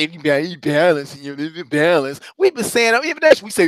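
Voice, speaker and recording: A man speaking as a motivational courage coach to a congregation, emphatic and repetitive, swinging from low murmurs up to loud, high exhortations, with speech. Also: expressive, brisk, dry recording. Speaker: self-described courage coach.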